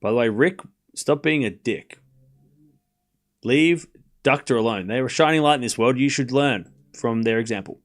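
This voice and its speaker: A man calling a tennis match live for his stream, calling out the score and chatting with his viewers in a casual, excitable way. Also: medium pitch, normal speed, long pauses. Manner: excitable, calls the score, chats with viewers, shouts at big points. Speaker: streamer doing live tennis watchalong commentary.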